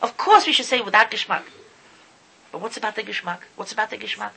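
A man's voice: high voice, fast talker, vocal fry, sharp tone, a little hiss or hum, poor audio. A man giving an impassioned sermon, often stumbling over and repeating his words as he talks. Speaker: Torah speaker. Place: lives in Israel.

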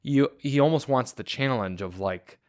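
A man's voice: mid-range voice, normal speed, darkish tone, no room sound, clean studio sound. A man co-hosting a car podcast, talking in a chatty, opinionated way about reviews. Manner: chatty, opinionated, lots of "like" fillers. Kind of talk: casual chat about cars.

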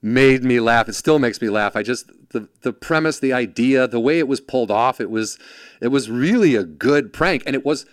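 A man's voice: medium pitch, normal speed, no room sound. A man spins a story in easy, profane conversation, jumping into the voices of the people he quotes. His voice sits in a middle register and is recorded close and dry, with no room around it. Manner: animated, acts out quoted voices, swears freely. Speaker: podcast guest, former production assistant. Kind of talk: casual storytelling chat.

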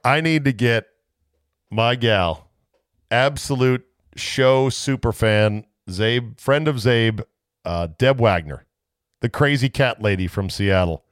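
A man's voice: mid-range voice, slow pace, clear, resonant tone, no echo, studio quality. A male sports talk show host in a casual monologue, rambling and making self-mocking asides.

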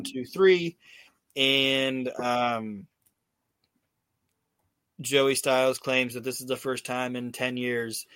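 A man's voice: medium pitch, a bit bright, smooth, dry recording. A man hosting a casual podcast, telling a rambling, profane story with lots of fillers and restarts. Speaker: podcast host. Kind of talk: casual recap chat.

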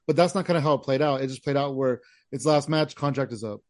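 A man's voice: mid-range voice, fast talker, no room sound, studio quality. A man in his forties hosting a podcast, talking in a laid-back, friendly way. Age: 40s. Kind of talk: casual podcast chat.

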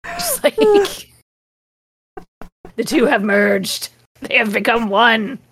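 A woman's voice: a little high, huge pitch swings, takes it slowly, a bit bright, husky. A woman podcast host giving a comedic reading, breaking off with sarcastic, profane jabs at the text. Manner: sarcastic, swears freely, mocks the text. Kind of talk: comedic dramatic reading with commentary.

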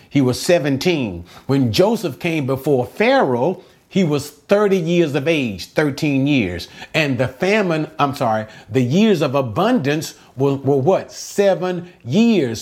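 A man's voice: a little high, a little mellow. A man teaching verse-by-verse Bible commentary, emphatic and asking his listeners rhetorical questions, sometimes repeating words as he searches for the next thought.

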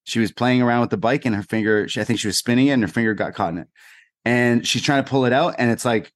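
A man co-hosting a casual podcast, telling an animated anecdote with lots of fillers. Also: mid-range voice, quick pace, dry recording, clean studio sound. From Canada. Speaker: podcast co-host. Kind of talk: casual chat, storytelling.

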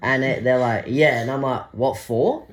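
A young Australian man recounts a night out in loose, casual chat. He tells it with animation, slipping into the voices of the people in his story. His voice sits in a middle pitch. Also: flat delivery, moderate pace, a bit bright.

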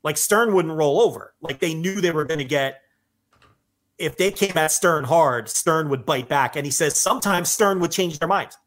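A laid-back man chatting on a podcast, his voice sitting a little higher than most men's. He talks easily, drops the odd curse word, and often lets the ends of his sentences fade. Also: normal speed. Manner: laid-back, swears casually, trails off softly. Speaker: podcast co-host. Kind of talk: casual chat.

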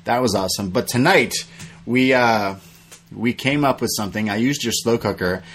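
A man's voice: mid-range voice, normal speed, breathy edge. A young adult man co-hosting a podcast, telling stories in casual chat and acting out the quotes. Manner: animated storytelling, acts out quotes. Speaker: podcast co-host.

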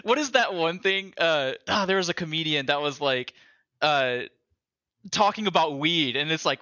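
A young man in casual podcast chat, excitable and swearing a lot, acting out lines as he talks. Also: fairly high pitch, normal speed, lo-fi sound. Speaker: podcast co-host.

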